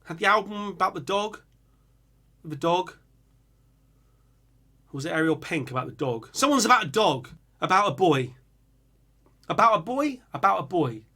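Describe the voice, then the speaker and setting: A man's voice: high voice, expressive, normal speed, pauses often, pushed and bright. A young man hosting a casual music reaction, humming and singing riffs as he muses aloud over viewer picks.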